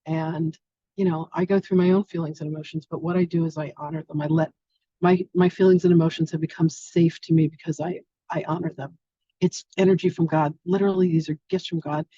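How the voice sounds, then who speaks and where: A woman's voice: low-pitched, steady tone, fairly quick, mellow, slightly rough, no room sound. Effusive spiritual teacher woman, dull lo-fi sound. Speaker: spiritual teacher hosting an online masterclass. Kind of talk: casual live-stream chat. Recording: dull lo-fi stream audio.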